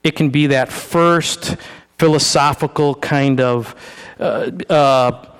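A man's voice: mid-range voice, slow pace, clear, resonant tone. A male pastor preaching an informal sermon, often repeating and restarting words as he talks with his congregation during a demonstration. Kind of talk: conversational sermon with live demonstration. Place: church sanctuary. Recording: long reverb of a large hall.

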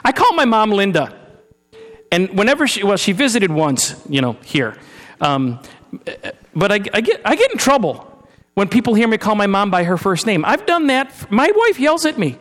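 A man preaching a sermon, talking to his congregation with rhetorical questions and sometimes sinking into a hushed, solemn tone. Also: high-pitched, very animated, normal speed. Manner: drops to a soft, hushed tone for solemn passages. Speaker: pastor. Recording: hall reverb with mains hum.

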